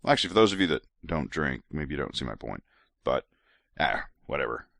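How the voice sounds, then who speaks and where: A man's voice: a bass voice, big pitch swings, a little fast, creaky, fairly bright tone, no room sound, clean studio sound. A man hosting a podcast in a casual monologue, a little drunk, rambling and laughing with many restarts. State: tipsy from drinks. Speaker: podcast host.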